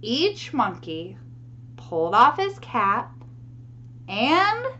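Brief: lively children's storyteller, woman, high singsong voice, unhurried, lo-fi sound with faint hum. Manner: animated, asks the listeners questions. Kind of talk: reading a picture book aloud to children.

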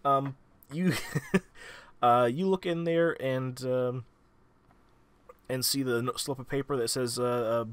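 A man's voice: mid-range voice, steady tone, slow, long pauses, smooth, no room sound. A young man narrating as game master in a casual tabletop session, with plenty of fillers and restarts.

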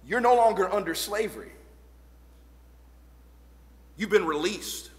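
A man preaching from the pulpit with a high, bright voice, taking his time and pausing between phrases. He swings from quiet asides to shouted lines and reads scripture in old-fashioned wording. The sound carries the long echo of a church hall. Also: animated. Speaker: pastor. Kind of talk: sermon. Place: church sanctuary.

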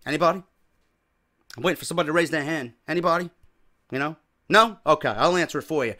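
A man's voice: on the high side, quick pace, long pauses, pushed and bright. A man with a New York accent hosting a wrestling podcast, ranting profanely and firing off rhetorical questions. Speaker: podcast host.

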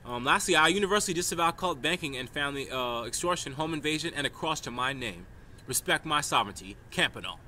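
A man's voice: on the high side, animated, fast, few pauses, bright, forceful tone, a little hiss or hum. A man from New York delivering a rambling, emphatic stream-of-consciousness vlog monologue, often tagging his points with "right?". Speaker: vlogger.

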